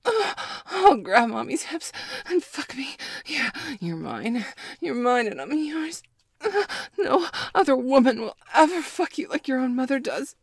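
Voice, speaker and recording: Woman playing a possessive adult character, adult audio role-play: high, breathy, slow, dry close mic. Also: big pitch swings, dry recording, exaggerated voice. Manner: breathy, moaning, partly whispered.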